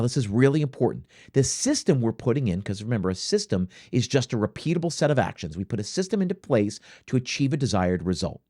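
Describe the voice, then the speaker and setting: Host, male, coaching to camera; emphatic, lively delivery, dry recording. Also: mid-range voice, no echo. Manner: emphatic, rhetorical "right?" tags. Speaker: restaurant consultant, show host.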